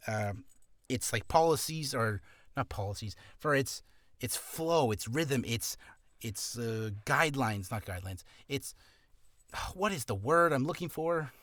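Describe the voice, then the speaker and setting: A man's voice: mid-range voice, animated, measured pace, fairly bright tone, no echo, studio quality. A man giving casual career advice on a vlog, rambling with restarts and coughing now and then from acid reflux.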